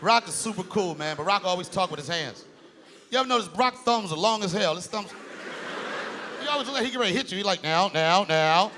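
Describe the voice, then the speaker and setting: A male stand-up comedian performing on stage with a loud, animated delivery that breaks into shouts. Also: high voice, quick pace. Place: live comedy stage before an audience. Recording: live audience laughter and room noise.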